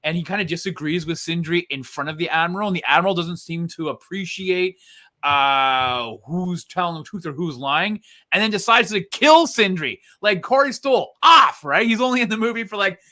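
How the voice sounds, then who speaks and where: A man's voice: high-pitched, animated, normal speed, bright, forceful tone. A man co-hosting a casual review chat, retelling a film's plot in a rambling way full of fillers. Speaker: co-host reviewing a film.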